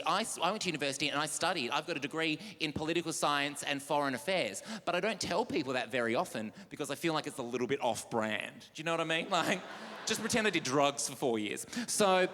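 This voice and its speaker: A camp young man performs stand-up on a big theatre stage, his voice bright and sharp and pitched a little high. He tells his stories flamboyantly, leaping into shrill impressions. The sound carries a long hall reverb from a live show. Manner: camp, flamboyant storytelling with shrieking quoted voices. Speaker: stand-up comedian. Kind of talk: stand-up comedy set. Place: large comedy theatre stage.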